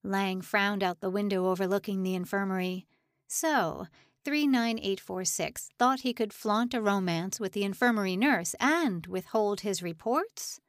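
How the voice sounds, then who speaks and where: A woman narrating a tense audiobook in a steady, dramatic storytelling voice at a middle pitch. The recording is dry and close, with no room echo. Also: a little slow. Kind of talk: scripted narration.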